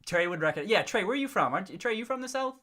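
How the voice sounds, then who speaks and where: A man with a slightly higher voice chats casually on a livestream, reading out viewer comments as they come in. He talks in a loose, playful way, laughs often and keeps breaking off and restarting sentences. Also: expressive, rapid-fire, sharp tone. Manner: reacts to and reads out viewer comments.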